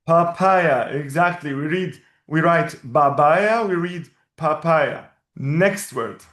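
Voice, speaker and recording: Male teacher, slightly high voice, patient and explanatory; echoey room. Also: fairly bright tone. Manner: patient, explanatory, repeats words slowly. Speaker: Arabic teacher. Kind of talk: one-on-one language lesson.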